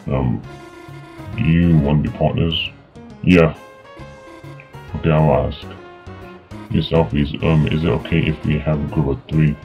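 A man with a very deep, gravelly voice plays through a video game, reading each character's dialogue aloud in his own halting way with lots of fillers. The recording is dull and lo-fi. Faint music runs in the background. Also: level tone. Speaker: gaming YouTuber.

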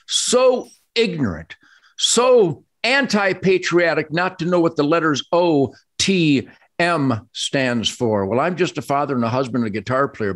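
A man hosting a show, giving impassioned political commentary that piles up emphatic repeated phrases. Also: mid-range voice. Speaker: show host.

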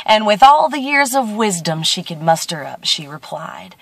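A woman's voice: mid-range voice, lively intonation, normal speed, gravelly, hardly any pauses, a bit bright, dry recording. A woman vlogger telling a story and giving upbeat, encouraging advice to her viewers. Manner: upbeat, encouraging, affectionate sign-off. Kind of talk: motivational storytelling to camera.

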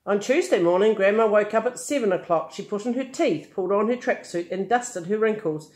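An older woman reading a picture book aloud, gentle and amused with chatty asides. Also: mid-range voice, expressive, brisk, few pauses. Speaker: storyteller.

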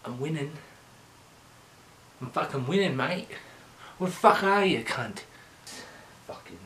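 A man rambling through an erratic, profanity-laden comic rant, jumping between yells and mutters. He talks slowly and drags out his words. He is recorded from a distance in an echoey room with clear background noise. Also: on the high side, animated. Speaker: vlogger. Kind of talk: manic comedic rant.

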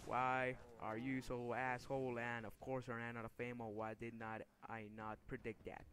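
A man's voice: mid-range voice, flat delivery, moderate pace, fairly bright tone, a little hiss or hum. Angry young man narrating gameplay. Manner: frustrated, swearing, easily angered outbursts. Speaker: gaming video creator. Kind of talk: gameplay commentary.

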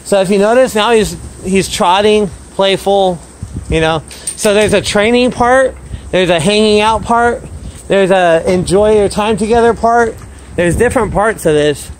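A man's voice: sits high, measured pace, a little hiss or hum, poor audio. A man vlogging as a dog trainer, explaining his dogs' behaviour and calling out to them by name. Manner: upbeat, calls out to dogs between explanations. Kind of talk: casual vlog commentary. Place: outdoors in a yard with dogs.

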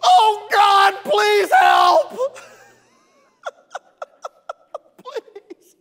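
Moses, a pastor putting on a booming prophet voice. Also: male voice, animated, slow, a bit bright, long reverb tail, slight background noise, exaggerated voice. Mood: panicked. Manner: booming then frantic pleading. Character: Moses, bold prophet turned panicked leader.

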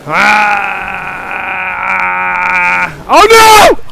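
A young man giving live gameplay commentary, rambling and joking at the monster, swinging from low mutters to panicked yelps and laughs. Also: unhurried, background noise. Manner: excitable, yelping and laughing, swings from mutters to shrieks.

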